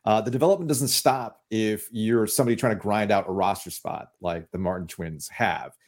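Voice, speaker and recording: A man's voice: on the low side, moderate pace. A man hosting a sports podcast, chatting casually and joking with mock indignation. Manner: animated, jokey, mock-indignant rants. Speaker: podcast host.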